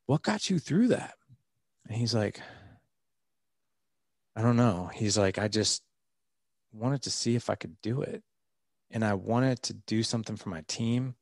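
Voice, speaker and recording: A man's voice: on the low side, gravelly, darkish tone, no room sound, clean studio sound. A man in his forties, a podcast guest, talking earnestly and rambling a little, with many fillers and restarts. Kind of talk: candid interview storytelling.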